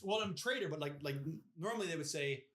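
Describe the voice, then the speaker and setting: A man's voice: a little high, animated, fast, bright, forceful tone. A man co-hosting a podcast, chatting casually about a book in a rambling way, often asking "you know what I mean?". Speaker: podcast co-host. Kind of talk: casual book discussion chat.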